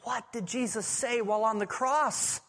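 A male pastor preaching a sermon, swinging between loud urgent passages and hushed, near-whispered lines. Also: very high voice, normal speed, vocal fry. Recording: preaching in a large reverberant hall.

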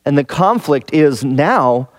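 Male Bible teacher, fairly high voice, dry close sound; conversational, leans on rhetorical questions and repeated key phrases. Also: expressive, slow, dry recording.

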